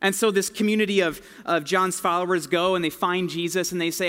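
Pastor guy preaching casual and slangy, kinda high voice, long echo in a church hall. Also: fairly even intonation, fairly quick, hardly any pauses, a bit bright. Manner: casual, conversational storytelling with slang. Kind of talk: sermon.

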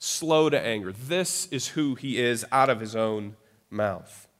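A man's voice: medium pitch, animated, unhurried, a bit bright. Conversational male preacher in a reverberant hall. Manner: conversational, frequent "right?" tag questions. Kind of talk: sermon.

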